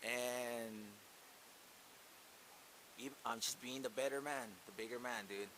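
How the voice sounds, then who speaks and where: A man in his thirties venting in a casual vlog, profane and getting louder as he rants about his family. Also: medium pitch, fairly even intonation, takes it slowly. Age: 30s. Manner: profane, venting, gets loud when worked up. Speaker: channel host. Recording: hissy background.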